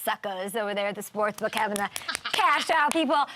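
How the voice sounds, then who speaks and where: A woman hosting a sports talk show, animated and joking, riffing fast on the weekend's games. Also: mid-range voice, noisy background. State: out of breath. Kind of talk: energetic sports talk monologue.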